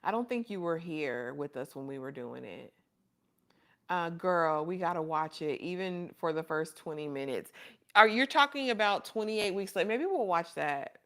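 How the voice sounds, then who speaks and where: Low-voiced chatty woman livestream host. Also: lively intonation, moderate pace. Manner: chatty and affectionate, calls viewers honey and baby. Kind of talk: casual livestream chat reading viewer comments.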